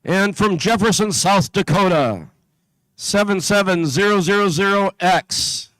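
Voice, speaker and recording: A man's voice: sits high, measured pace, a bit bright, no room sound, poor audio. A man announcing competing teams at an event, reading a list steadily with small slips and asides. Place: event venue.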